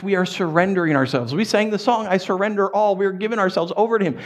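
A man in his thirties preaching a sermon as pastor, animated and joking as he tells stories. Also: high-pitched, fairly quick. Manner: animated, jokey storytelling with laughs.

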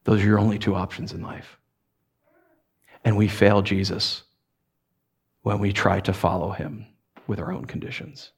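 A man in his thirties preaching a sermon as pastor, animated and joking as he tells stories. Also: on the low side, moderate pace, vocal fry, long pauses, slightly rough. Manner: animated, jokey storytelling with laughs.

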